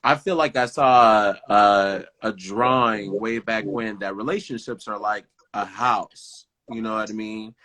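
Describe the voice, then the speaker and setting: A man's voice: fairly low pitch, measured pace, few pauses, pushed and bright. A man co-hosting a podcast in casual chat, talking emphatically and often checking in with "you know what I mean". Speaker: podcast co-host.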